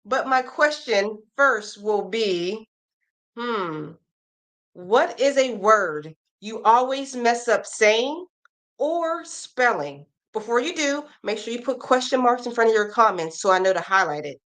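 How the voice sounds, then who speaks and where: A woman's voice: on the high side, lively intonation, measured pace, fairly bright tone. A woman hosting a casual crochet live stream, chatting with viewers, reading their comments aloud and reacting, and running through pattern blurbs in an upbeat tone.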